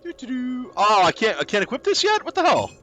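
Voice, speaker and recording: Excitable, lively gaming streamer, a man. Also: high-pitched, quick pace, faint music behind. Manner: excitable, chatty and exclaiming. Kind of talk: casual game commentary.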